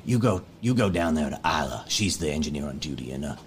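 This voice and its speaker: A man voicing a calm, persuasive middle-aged community leader who talks in easygoing, reassuring asides. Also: a bass voice, quick pace, slight background noise, voice pushed down.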